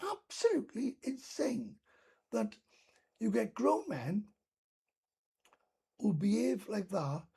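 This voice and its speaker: A man's voice: sits high, very animated, slow, gravelly, pauses often, a little mellow, breathy edge. A Welsh man from Wales doing a casual live stream chat, rambling and ranting with heavy swearing.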